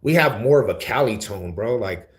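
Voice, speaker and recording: Very low-voiced East Denver man, slangy. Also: expressive, normal speed. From Denver, USA. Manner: laid-back slangy talk, calls people homie and fool. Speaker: livestream host. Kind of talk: casual livestream chat answering viewers.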